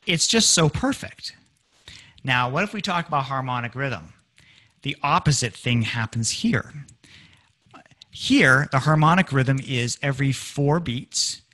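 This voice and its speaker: A man giving a public music lecture, animated and acting out lyrics in dramatic voices for his audience. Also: mid-range voice. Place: community presentation room.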